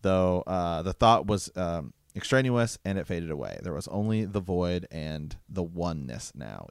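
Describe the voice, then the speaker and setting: Guy with a really low voice, reads bits of the book out loud then chats about them, dry close sound. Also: expressive, a little slow, few pauses, clean tone, no echo. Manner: reads book passages aloud between chatty asides, many fillers. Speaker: book podcast co-host. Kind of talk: casual chat with read-aloud passages.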